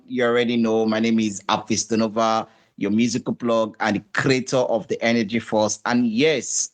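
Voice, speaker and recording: A man with a Nigerian accent hosting a music podcast in casual chat, relaxed and full of fillers, slipping into pidgin. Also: mid-range voice. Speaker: podcast host.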